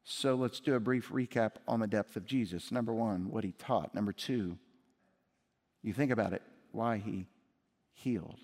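A man's voice: on the low side, moderate pace, darkish tone. A man preaching a sermon from the stage of a church, emphatic, swinging his voice up and down for effect. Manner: emphatic, rising and dropping for effect. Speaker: pastor. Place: church sanctuary. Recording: long reverb of a large hall.

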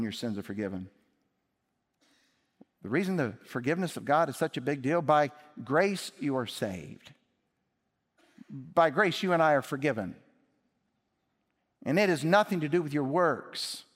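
A man preaching a sermon from the stage of a church, emphatic, swinging his voice up and down for effect. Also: fairly high pitch. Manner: emphatic, rising and dropping for effect. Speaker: pastor. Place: church sanctuary. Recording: long reverb of a large hall.

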